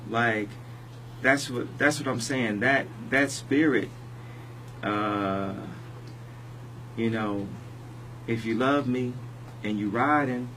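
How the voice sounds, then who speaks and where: A man being interviewed on the radio, talking in a halting, rambling way full of restarts. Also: mid-range voice, fairly bright tone, slight background noise, low-quality recording. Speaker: interview guest. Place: radio studio.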